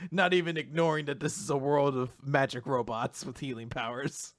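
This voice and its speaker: A man co-hosting a casual manga recap podcast, animated, laughing often and acting out characters' lines. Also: medium pitch, normal speed, no room sound, studio quality. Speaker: podcast co-host.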